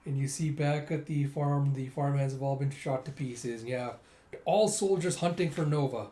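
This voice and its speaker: A man casually recapping a comic story in an animated way, acting out the lines. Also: mid-range voice, normal speed. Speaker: manga recapper. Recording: roomy echo.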